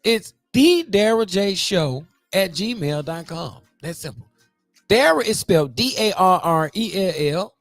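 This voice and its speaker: A man's voice: high voice, measured pace, no echo, faint music behind. A man hosting his own podcast, rambling and swearing freely as he invites guests. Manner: rambling, profane and animated. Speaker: podcast host. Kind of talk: casual podcast monologue.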